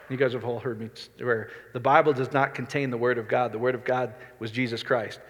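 A man's voice: mid-range voice, steady tone, brisk, few pauses. A middle-aged man preaching a sermon as a pastor, talking conversationally and asking the congregation questions. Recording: reverberant hall.

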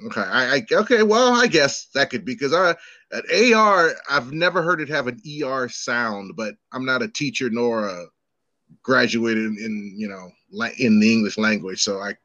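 A man co-hosting a podcast in casual chat, animated and joking, swearing freely. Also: medium pitch, moderate pace, no room sound, highs cut off. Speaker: podcast co-host.

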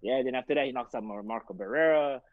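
In a muffled, dull lo-fi recording, a guest who trains boxers spins quick-paced yarns in a medium-pitched voice. He stays animated throughout, mimicking the people he quotes and leaning heavily on fillers during the casual interview.

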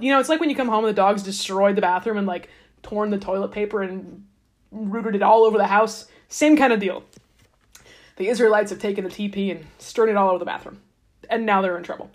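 A chatty woman with a slightly high voice, telling a story casually. Her retelling is full of sarcastic, slangy asides and quick laughs. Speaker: podcast host reading through the Bible.

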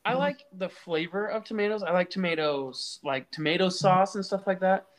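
High-voiced man telling animated stories. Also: normal speed. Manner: animated storytelling. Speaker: podcast guest. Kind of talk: casual chat.

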